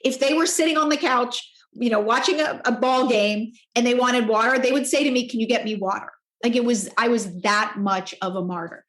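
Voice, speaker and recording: A woman guest telling a personal story in conversation, animated and jumping up in pitch when quoting others. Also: a little fast, roomy sound. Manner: animated, jumps up in pitch to act out quoted speech. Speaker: podcast guest.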